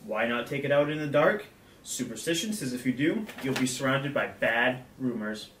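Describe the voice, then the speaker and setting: A man's voice: mid-range voice, lively intonation, normal speed, a bit bright, slight background noise. A young man co-hosting a snack review, reading trivia aloud in a laid-back way. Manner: laid-back, laughs easily. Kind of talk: casual chat reading trivia. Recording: echoey room, mic at a distance.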